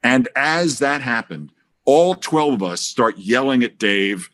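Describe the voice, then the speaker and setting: Older male broadcaster spinning a lively anecdote, mid-pitched voice, jumps high when quoting people. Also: moderate pace. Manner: animated storyteller, acting out voices with big pitch jumps. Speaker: guest broadcaster. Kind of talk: storytelling in a podcast interview.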